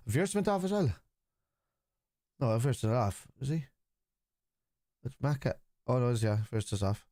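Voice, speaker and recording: A man's voice: mid-range voice, expressive, normal speed, long pauses, mellow, dry recording, studio quality. A middle-aged man hosting a football watchalong, talking casually and bluntly while reading out and answering viewers' comments. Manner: blunt, combative with chat, reads comments aloud. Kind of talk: casual live-stream chat.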